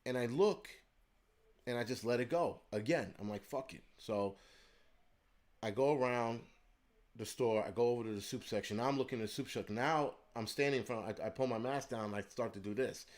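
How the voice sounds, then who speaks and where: A man rants through a story, swearing freely and getting heated as he goes. His voice sits at an ordinary, middle pitch. He talks like a channel host venting straight to his viewers. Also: a little fast. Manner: profane, heated, animated. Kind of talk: ranting storytelling monologue.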